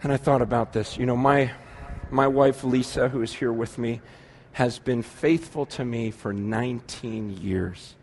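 A man in his forties preaching a sermon to a live congregation, animated and quick to act out the people he quotes, swinging between urgent and hushed. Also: mid-range voice, a little hiss or hum. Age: 40s. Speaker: pastor.

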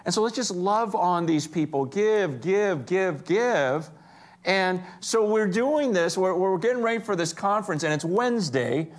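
A man preaching a sermon, telling stories with energy and swinging between hushed and excited moments. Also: sits high, measured pace. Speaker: pastor.

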